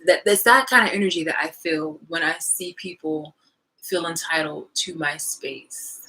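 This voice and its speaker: A young woman vlogging in a casual, animated rant, swearing freely and trailing off into fillers. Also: low voice, normal speed, low-quality recording. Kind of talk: casual ranting monologue.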